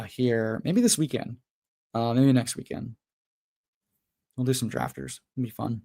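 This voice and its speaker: A young adult man hosting a live fantasy football stream, ranting with heavy profanity and then chatting casually with viewers. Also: medium pitch. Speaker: fantasy football livestream host. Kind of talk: casual livestream chat and rant.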